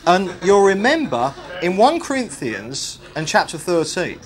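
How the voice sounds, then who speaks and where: Man preaching, lively rising and falling delivery, slightly high voice, repeats key words, quick joking asides, faint background hum. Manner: animated teaching with humorous asides and repetition. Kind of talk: sermon.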